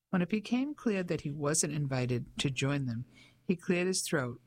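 Measured audiobook narrator. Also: mid-range voice, expressive.

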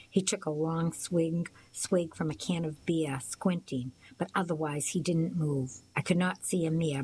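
A woman narrating a first-person novel as an audiobook, in a steady storytelling manner. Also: low-pitched, slight background noise, poor audio.

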